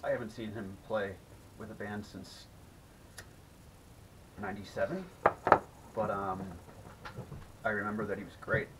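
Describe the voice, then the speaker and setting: A man's voice: fairly low pitch, fairly even intonation, a little slow, pauses often, recorded from a distance, heavy background noise. A man, a guest on a podcast, reminiscing in easygoing casual chat.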